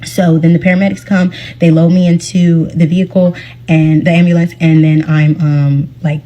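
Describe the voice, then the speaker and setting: A woman's voice: fairly low pitch, little pitch movement, moderate pace, mellow. A woman casually telling her own accident story in a chatty way, full of fillers and quoted speech. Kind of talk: casual first-person storytelling.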